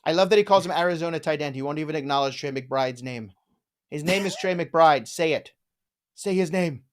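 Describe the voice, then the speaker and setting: A man's voice: on the high side, brisk. A man hosting a live fantasy football show, joking around and riffing on names in casual chat. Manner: playful, jokey, riffs on names.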